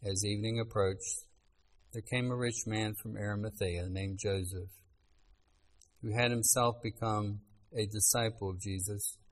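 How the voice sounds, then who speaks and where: A man preaching a sermon, reading scripture aloud in an earnest, measured way with pauses. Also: fairly low pitch, fairly even intonation, rough recording.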